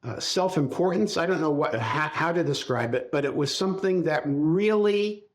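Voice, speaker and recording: An older man as a podcast guest, recalling his life in a reflective, halting storytelling way. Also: a little high, lively intonation. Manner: reflective, speaks in halting restarts while recalling. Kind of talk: casual interview storytelling.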